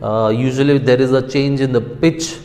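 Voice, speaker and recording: A man's voice: mid-range voice, steady tone, normal speed, a little mellow. A male school teacher explaining a chapter, often checking in with "right?". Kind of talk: classroom lesson explanation. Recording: long reverb.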